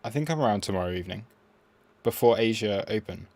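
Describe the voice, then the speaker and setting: A man's voice: lowish voice, lively intonation, fast, darkish tone, no room sound. Chatty man streaming trades. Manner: playful, chatty, talks at the price chart. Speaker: crypto trading streamer. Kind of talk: live stream chat.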